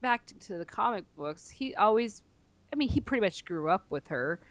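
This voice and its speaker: Female co-host, animated pitch, giggly casual chat, dry recording. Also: normal speed, dry recording. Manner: giggly, chatty. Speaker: podcast co-host.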